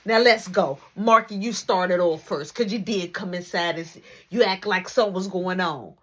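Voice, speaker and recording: A woman voicing a tough, no-nonsense mother who threatens her sons with slow, drawn-out warnings. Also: fairly low pitch, close to an everyday voice. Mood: stern.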